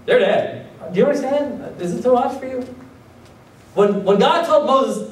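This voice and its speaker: A man's voice: high voice, lively intonation, brisk. A pastor preaching a sermon, constantly asking his congregation rhetorical questions and acting out the voices of people in his stories. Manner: acts out quoted voices. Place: church sanctuary. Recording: echoey room, mic far off.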